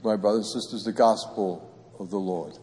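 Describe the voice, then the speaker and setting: A male priest reading the gospel and preaching a homily in a church, telling an old tale in a slow, deliberate way. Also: on the low side, darkish tone. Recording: long church reverb.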